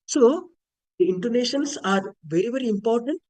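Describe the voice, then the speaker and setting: A man from India gives a webinar lecture on Vedic chanting over a video call, patiently explaining and chanting Sanskrit words to demonstrate their intonation. His very high voice is expressive and somewhat dark in tone, moving at a normal speed, and the audio is poor.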